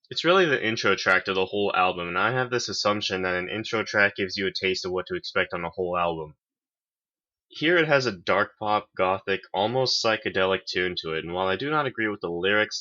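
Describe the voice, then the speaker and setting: Low-ish man, forceful and tense tone, sardonic reviewer, muffled lo-fi sound. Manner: dry, sarcastic. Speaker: host, album reviewer. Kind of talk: semi-scripted review.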